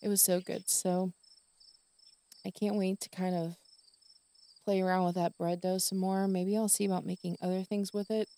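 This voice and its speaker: A woman in her forties talks casually into her own podcast, rambling from one thought to the next. Her voice sits low and mellow, and her delivery stays even and level. She sounds easygoing and personal. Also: moderate pace, pauses often. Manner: rambling and chatty, with fillers and soft laughs. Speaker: podcast host. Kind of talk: casual solo podcast chat.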